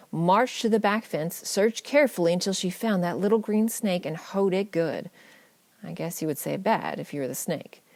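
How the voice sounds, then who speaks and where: A woman narrating a family memoir audiobook in a measured, gently wry storytelling manner. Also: lowish voice, dry recording.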